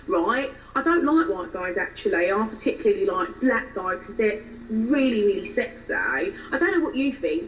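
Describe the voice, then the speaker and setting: A woman voicing a bubbly, shallow young Essex woman, with an Essex accent, chatty rising questions and drawn-out words. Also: a little high, distant mic, muffled recording.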